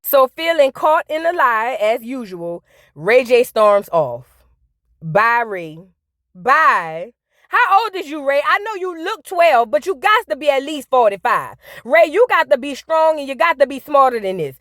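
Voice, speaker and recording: A woman's voice: high voice, sing-song, unhurried, a bit bright. A woman hosting a casual reality TV recap, sassy and scolding as she talks straight to the people on screen. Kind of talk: casual reaction commentary.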